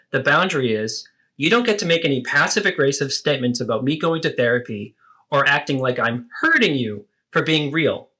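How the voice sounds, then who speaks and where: A man voicing an adult child who calmly and firmly confronts their mother in a therapeutic role-play. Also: on the high side. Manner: earnest, steady, firm about boundaries.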